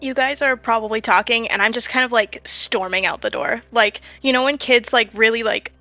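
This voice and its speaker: A woman's voice: a little high, a little fast, pushed and bright, muffled recording, faint music behind. A woman playing a tabletop game who speaks hesitantly, with many likes and ums. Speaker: player. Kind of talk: casual tabletop play.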